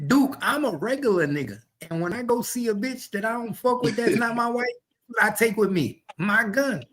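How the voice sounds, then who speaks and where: A man's voice: very high-pitched, lively intonation, moderate pace, fairly bright tone. A man in a heated casual talk, cutting in bluntly and cursing as he makes his point. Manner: blunt, interjecting, profane.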